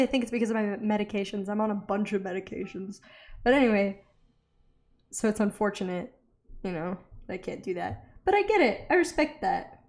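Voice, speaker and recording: A young woman chatting casually as she draws for a video, self-deprecating and quick to laugh. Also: mid-range voice, a little mellow. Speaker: art vlogger. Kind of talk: casual chat while drawing.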